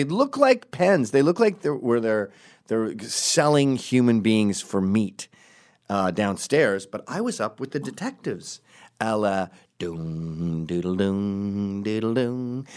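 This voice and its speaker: A middle-aged man with a fairly low voice tells a story in a loose, casual way. He riffs and wanders, then jumps into the voices of the people he quotes.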